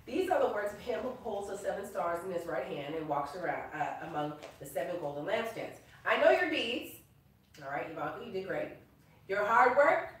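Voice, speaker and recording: A woman leads an informal Bible class with lively, playful energy, laughing and calling out to her listeners as she reads. Her voice sits in the middle range and rings through a big reverberant room, caught from a distance by the mic, with a faint hiss under it. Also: medium pitch. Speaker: prophetess teaching a class. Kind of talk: casual Bible teaching. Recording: echoey room recorded from far off.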